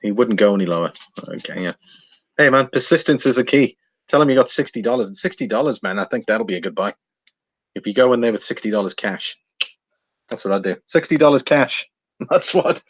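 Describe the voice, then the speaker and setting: A man hosting a live stream, chatting casually and thinking out loud while he reads out figures and viewer comments. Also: on the low side, animated, fairly quick, breathy edge, no echo. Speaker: livestream host reading viewer chat.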